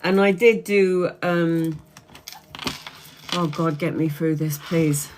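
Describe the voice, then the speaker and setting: A woman's voice: deep voice, steady tone, slow pace, noisy background. A woman, congested and bunged up, chatting in a rambling way on a home live stream as a tarot reader and answering viewers' comments. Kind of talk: casual live-stream chat.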